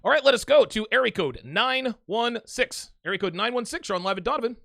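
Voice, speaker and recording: A man's voice: extremely high pitch, lively intonation, a little fast, vocal fry, pushed and bright, dry recording, clean studio sound. A man hosting a live call-in stream, reading super chats in a brash, emphatic way and repeating himself. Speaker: livestream host reading super chats and taking calls. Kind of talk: casual live show chat.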